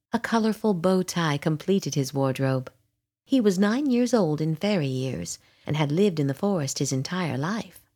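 A woman narrating a children's storybook in a gentle, expressive way. Her voice sits fairly low and drifts up and down in a lilting melody, at an unhurried pace. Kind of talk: storybook read-aloud.

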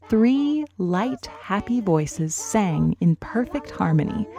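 A woman reading a children's story aloud, clear and expressive. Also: mid-range voice. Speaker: narrator.

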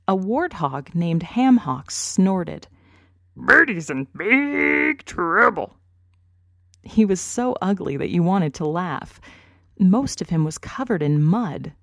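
A woman reading a children's story aloud, clear and expressive. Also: on the low side, no echo, clean studio sound. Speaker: narrator.

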